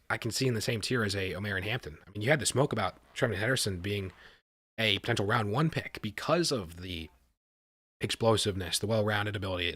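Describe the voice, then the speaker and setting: A man hosting a live stream, reacting with excitement and talking to his chat, often repeating himself. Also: on the low side, dry recording. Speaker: livestream host reacting to a draft.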